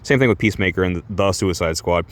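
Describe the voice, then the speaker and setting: A man chatting his way through a comic book review in a loose, rambling manner, swearing casually and laughing often. His voice sits low, and he stops to correct himself as he talks. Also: fast.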